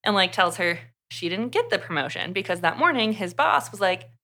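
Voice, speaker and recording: Chatty young woman with a bright voice. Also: mid-range voice, fairly quick. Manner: chatty, animated retelling with lots of "like". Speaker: podcast co-host. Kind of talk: casual book review chat.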